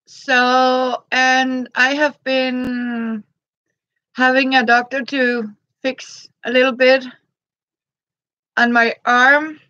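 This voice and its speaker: A woman, chatting gently on a live stream and greeting her viewers by name. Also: high voice, little pitch movement, drawn-out words, no room sound, lo-fi sound. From Denmark. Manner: greets viewers by name between thoughts, gentle, frequent soft laughs. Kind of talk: casual live-stream chat.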